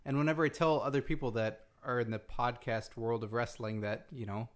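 A man's voice: medium pitch, steady tone, a little fast. A man co-hosting a casual podcast, joking and swearing often and rambling with fillers as he gives announcements. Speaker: podcast co-host.

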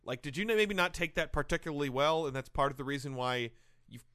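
A man's voice: a little high, lively intonation, fast talker, bright, forceful tone. A man co-hosting a sports comedy show, asking incredulous, probing questions. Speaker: co-host. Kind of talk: sports radio comedy chat.

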